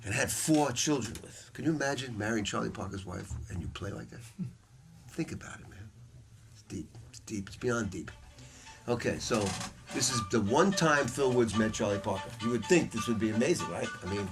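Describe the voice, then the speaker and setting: A man with a fairly low, animated voice leads a saxophone masterclass for students at a music store. Speaking at a moderate pace, he is blunt and profane, spinning stories as he goes.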